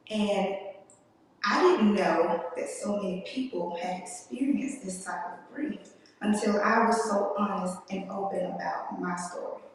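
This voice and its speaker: Slow, earnest woman in an echoey hall. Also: medium pitch, darkish tone, a little hiss or hum. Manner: emotional, earnest, addresses audience as "y'all"; slow, deliberate delivery with long pauses. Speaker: conference speaker. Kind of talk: personal testimony talk. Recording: echoey hall, distant mic.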